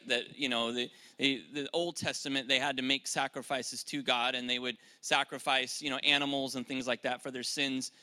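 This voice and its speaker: A man's voice: sits high, pushed and bright. A man preaching a sermon at a church service, earnest and conversational, with frequent restarts and fillers. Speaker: pastor.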